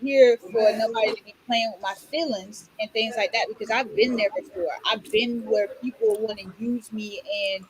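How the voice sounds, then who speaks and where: A young woman from Orlando who tells stories in a blunt, animated way, swearing freely in casual podcast chat. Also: on the high side, moderate pace, few pauses, noisy background. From Orlando, Florida. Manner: blunt, animated storytelling with profanity.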